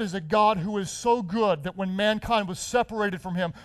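A middle-aged man preaching a sermon in a notably high voice. He tells his story with stumbles and repeated words, then builds into a rousing, rhythmic cadence. The sound is dry and close, with no room echo. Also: moderate pace. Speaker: pastor.

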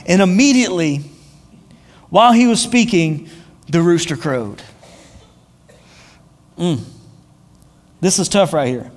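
A man's voice: high voice, a little slow, long pauses. A male preacher telling a story in a casual, conversational sermon, full of fillers and repeated words. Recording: long hall reverb.

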